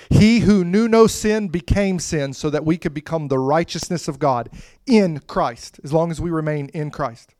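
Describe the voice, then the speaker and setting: A man preaching a sermon with impassioned delivery that swells to loud, emphatic peaks and drops to soft, hushed lines. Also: on the high side, normal speed, dry recording, clean studio sound.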